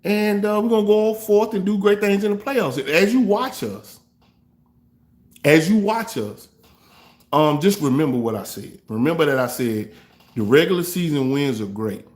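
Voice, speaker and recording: A man hosting a fan reaction show, trash-talking rival fans in a loose, animated way. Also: fairly high pitch, moderate pace. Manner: trash-talking, animated, African American Vernacular English grammar. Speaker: sports fan show host.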